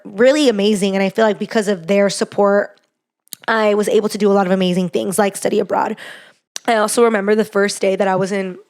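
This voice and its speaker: Chatty young woman podcast host. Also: mid-range voice. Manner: chatty, heartfelt, lots of "like" and "you know". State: gets emotional. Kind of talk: casual personal storytelling.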